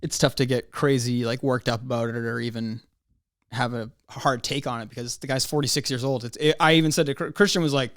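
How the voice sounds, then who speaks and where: A man's voice: mid-range voice, fairly even intonation, a little fast, fairly bright tone, no room sound, studio quality. A young man hosting a solo podcast, ranting in a heated, profane way. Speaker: podcast host. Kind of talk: angry solo podcast rant.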